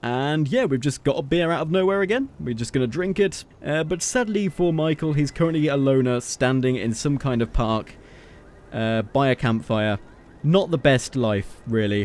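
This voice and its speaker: A man's voice: mid-range voice, a little mellow, slight background noise. A man giving casual gameplay commentary as a video creator, playful and jokey, teasing the character on screen.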